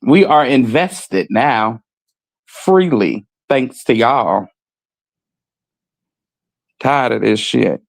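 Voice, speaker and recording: A man's voice: medium pitch, lively intonation, very slow, gravelly, long pauses, no room sound. A man co-hosting a casual gossip stream, blunt and joking, reading viewer comments and talking in street slang. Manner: reads viewer comments aloud. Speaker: podcast co-host.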